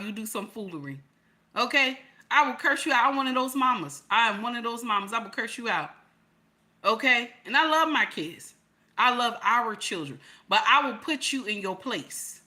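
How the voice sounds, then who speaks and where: A middle-aged woman talking casually to her viewers, emphatic and repetitive, building to loud peaks. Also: a little high. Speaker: channel host.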